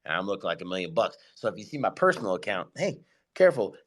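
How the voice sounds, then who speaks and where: A man hosting a casual live audio chat, hyped and excitable, giving slangy shout-outs to his listeners. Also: low-pitched, quick pace. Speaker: host of an online audio space.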